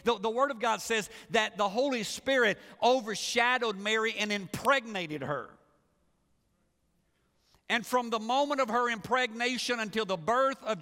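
Male pastor, fairly high voice, talky sermon full of restarts and questions. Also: expressive, a little slow, pushed and bright, big-room sound. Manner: conversational preaching with frequent restarts and rhetorical questions.

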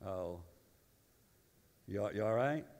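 Booming pastor in a reverberant hall. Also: male voice, moderate pace. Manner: swings from booming proclamation to quiet asides, repeats words. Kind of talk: sermon.

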